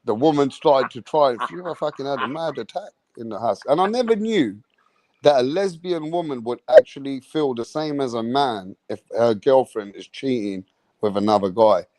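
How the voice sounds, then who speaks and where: A man's voice: medium pitch, lively intonation, moderate pace, darkish tone, no echo. A man hosting a late-night podcast, telling a crude, swaggering story with laughter. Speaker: host.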